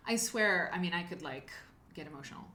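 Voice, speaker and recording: A woman's voice: on the low side, animated, a little fast, bright, forceful tone, a little hiss or hum. A woman hosting a live quilting show, chatting casually and rambling while she thanks viewers by name. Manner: chatty, rambling, reads chat names aloud. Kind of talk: casual livestream chat.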